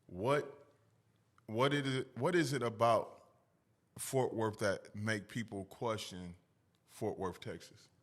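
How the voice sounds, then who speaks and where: A man's voice: lowish voice, steady tone, slow, pauses often. A man hosting a casual podcast interview, talking in an upbeat, hyped, slangy way. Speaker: podcast host.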